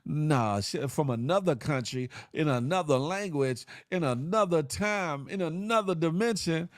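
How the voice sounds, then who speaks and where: A man's voice: a little high, animated, unhurried, dry recording, studio quality. A man hosting a live online show, chatting casually with viewers in a loose, joking way, full of slang and sound effects. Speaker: livestream show host.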